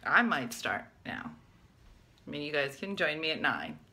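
A middle-aged woman hosts a comic vlog from her bedroom at home, ranting to camera in exasperation with gasps and exclamations. Her voice sits low but swings hugely in pitch, her pace is measured, and the background is noisy.

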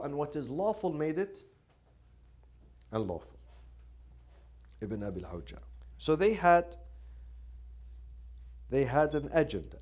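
A man's voice: fairly high pitch, a little mellow. Impassioned man lecturing with repeated phrases. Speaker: lecturer on Quranic studies. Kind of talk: religious lecture.

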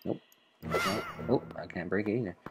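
Man narrating his own gameplay, lively up-and-down pitch, jokey and offhand. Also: a little fast, over music. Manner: joking, swears casually, talks to himself while playing. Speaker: let's play gamer. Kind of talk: casual game commentary.

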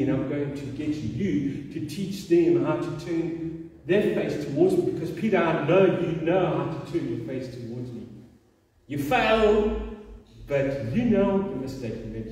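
Jesus, as a preacher voices him, earnest. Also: male voice, on the high side, dark tone, close to an everyday voice. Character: Jesus, calm, loving teacher commissioning a disciple. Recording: echoey hall, mic far off.

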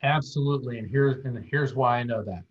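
An earnest man tells a story as a guest on a video call, his voice at an ordinary middle pitch for a man. He talks in a conversational way and often restarts his sentences. The call audio sounds dull and lo-fi. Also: fairly quick. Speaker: guest medium.

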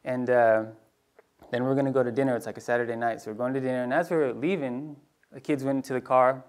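A man preaching in a casual storytelling way, acting out voices in his anecdotes and dropping to a hushed tone for tender moments. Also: medium pitch, fairly even intonation, quick pace. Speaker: pastor. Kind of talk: storytelling sermon.

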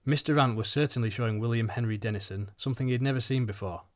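A man narrating a short story for an audiobook in an even, unhurried reading. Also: mid-range voice. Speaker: audiobook reader.

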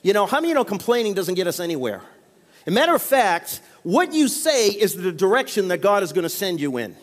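New guy preaching, pretty high voice, big echoey church hall, keeps asking amen?. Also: very animated, quick pace. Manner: call-and-response preaching, frequent amens. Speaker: pastor. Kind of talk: sermon. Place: church sanctuary. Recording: long reverb of a church hall.

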